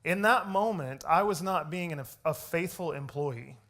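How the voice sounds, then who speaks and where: A man's voice: a little high, a little slow, fairly bright tone. A young adult man giving a church leadership talk, telling a personal story and reading scripture, with a conversational manner that often checks in with "right?". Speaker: church media arts director teaching leaders.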